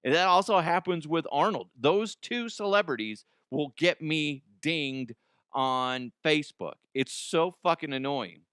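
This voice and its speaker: A man's voice: on the high side, animated, measured pace, fairly bright tone, clear, resonant tone, no echo, clean studio sound. A man in his forties hosting a comedy podcast, rambling in a casual, profane monologue. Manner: profane, rambling, laughs at own jokes.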